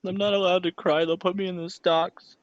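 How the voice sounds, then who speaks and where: A man's voice: unhurried, vocal fry, slightly rough, dry recording, lo-fi sound, exaggerated voice. A man voicing a frightened eight-year-old boy who stammers and sobs in panic. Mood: meek. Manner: stammering, high and breaking, panicky. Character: frightened young boy, about eight, nervous and tearful.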